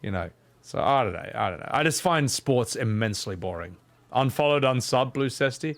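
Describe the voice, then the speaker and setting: A man's voice: medium pitch, moderate pace. Ranting man streaming a game. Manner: rambling, swearing, animated rants. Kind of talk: casual live-stream commentary.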